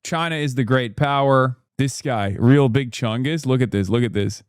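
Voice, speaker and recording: A man's voice: medium pitch, normal speed, clear, resonant tone, no room sound, clean studio sound. A man hosting a live stream, reacting to clips with casual, sarcastic, profane commentary and repeating his punchlines for effect.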